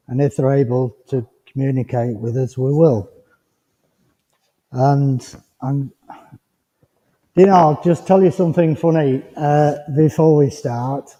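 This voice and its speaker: A man giving a mediumship demonstration to a congregation, talking in a chatty, rambling and gently reassuring way. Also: on the high side. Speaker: spiritualist medium. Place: village hall. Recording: dull lo-fi recording with long hall reverb.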